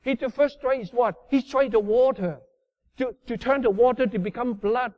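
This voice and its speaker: A man preaching a sermon in non-native English, emphatic, swinging from loud bursts down to low murmurs. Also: normal speed, dry recording. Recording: dull lo-fi sound.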